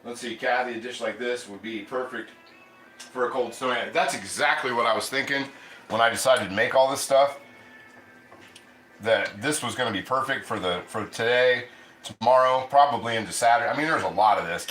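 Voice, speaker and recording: A man's voice: mid-range voice, normal speed, fairly bright tone, echoey room, faint music behind, low-quality recording. A man hosting a casual cooking livestream from his home kitchen, chatting loosely and reading viewer comments aloud. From Ohio. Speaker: cooking channel host.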